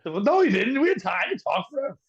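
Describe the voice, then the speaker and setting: A man co-hosting a comedy podcast, tossing out quick teasing jokes in profane, casual banter. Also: sits high, sing-song, husky. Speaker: podcast co-host. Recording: dull, lo-fi sound.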